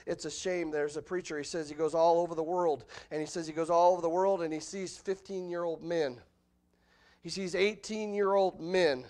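Pastor, middle-aged man, somewhat high pitch, lively expository sermon delivery. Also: moderate pace. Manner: animated preaching, voice jumps high and loud when acting out quotes. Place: church sanctuary.

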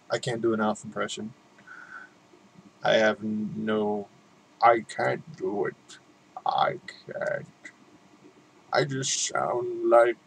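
A man's voice: on the low side, creaky, a little hiss or hum, rough recording. A man doing casual unboxing commentary, rambling, joking at his own expense, and swearing freely. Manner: rambling, self-mocking, swears a lot. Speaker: unboxing vlogger.

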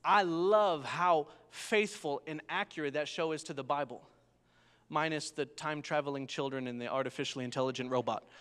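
Preaching at a moderate pace, a young pastor tells his sermon as a lively story and keeps calling on the congregation for an amen. His voice is fairly high for a man, clear and resonant, and the big church hall adds long reverb.

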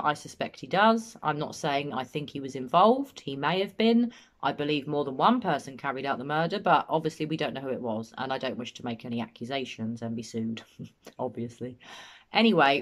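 Woman giving analytical true-crime commentary. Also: low-pitched. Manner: measured, matter-of-fact, analytical. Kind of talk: body language analysis commentary.

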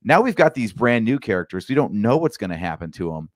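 A man co-hosting a podcast in casual chat, talking in a measured, wry way. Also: fairly low pitch, big pitch swings, no echo, studio quality. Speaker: podcast co-host.

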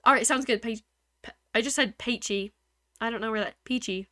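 This young woman's fairly high voice is bright and forceful as she races through casual live-stream chat, giggling, rambling and stopping mid-thought. She's on a desk microphone, and game music plays behind her.

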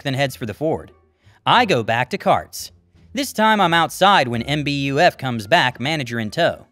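A man narrating a story in a wry, lively style. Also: a little high.

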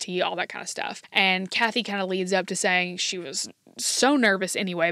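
A woman podcast host tells stories in a casual, chatty way. She acts out the quoted lines with lively turns. Her voice is mid-pitched and recorded close and dry, with no room sound. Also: no room sound. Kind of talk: casual storytelling.

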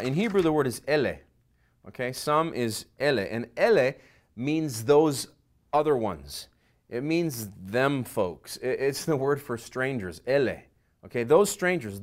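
A middle-aged man, a pastor, preaching a sermon that swings between quiet asides and loud emphasis. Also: mid-range voice.

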